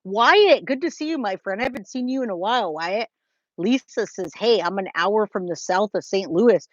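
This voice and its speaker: A woman's voice: mid-range voice, expressive, normal speed. Chatty woman livestream host. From California. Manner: chatty, greets viewers by name, many restarts. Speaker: livestream host reading chat. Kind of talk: casual livestream chat. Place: trailer. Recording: dry, slightly dull lo-fi sound.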